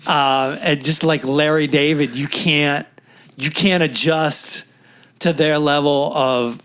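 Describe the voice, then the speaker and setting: Speaking slowly in a fairly high, clean-toned voice, this New York man co-hosts a podcast. In loose conversation he spins stories with animation, acting out quotes and cursing freely.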